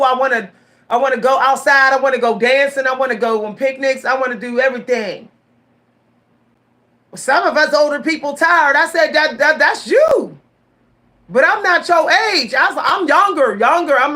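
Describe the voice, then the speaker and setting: Animated woman in her forties vlogging. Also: high-pitched. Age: 40s. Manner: animated, repeats words, laughs often. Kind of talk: casual storytelling to viewers.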